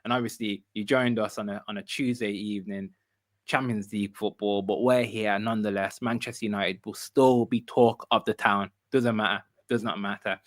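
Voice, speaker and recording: A man's voice: fairly low pitch, normal speed, no room sound. Man hosting a fan stream, dry sound. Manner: relaxed, repeats phrases. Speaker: host of a football fan livestream. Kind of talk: casual chat.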